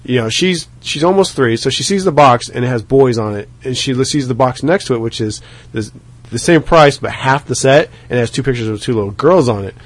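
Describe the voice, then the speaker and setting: A young man rambles through a story on a podcast in a plain, mid-pitched voice. He chats loosely, laughs often, and keeps things casual. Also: expressive, a little fast, no room sound. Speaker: podcast host.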